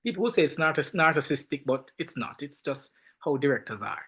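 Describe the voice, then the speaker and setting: A man with a Jamaican accent, a film director and podcast guest, telling stories in an animated, emphatic way and often repeating words. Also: a little high, a little fast, husky. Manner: animated, emphatic storytelling with frequent word repeats. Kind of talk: casual podcast interview.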